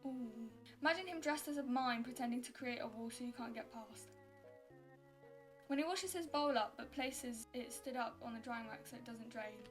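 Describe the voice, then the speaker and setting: A high-pitched young woman tells stories in a chatty, exasperated way, filling her talk with "like". Her delivery is casual, as in a vlog. Music plays clearly underneath her voice. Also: normal speed. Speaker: YouTuber. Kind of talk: casual storytelling and reacting.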